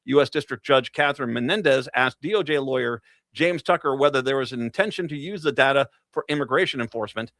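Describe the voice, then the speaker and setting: A man's voice: medium pitch, quick pace, a bit bright, dry recording. A man hosting a political talk radio show, reading news stories and breaking into sarcastic, mocking asides with laughs.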